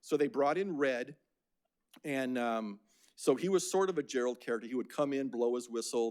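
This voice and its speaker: A man's voice: medium pitch, fairly quick, a little mellow. An older man from Phoenix giving a casual, anecdotal lecture about slides, with many fillers and restarts. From Phoenix, Arizona.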